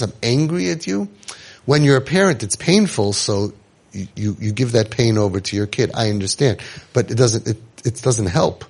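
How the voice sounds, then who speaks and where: A man with a gravelly, creaky voice gives an inspirational storytelling talk. He jokes and acts out the people he quotes, and his pitch sits in an ordinary middle range. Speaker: inspirational speaker.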